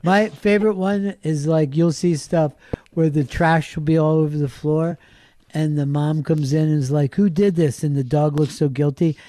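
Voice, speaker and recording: Wry man with a slightly high voice. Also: steady tone, moderate pace, mellow, no room sound. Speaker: talk show panelist. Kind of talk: casual comedic chat.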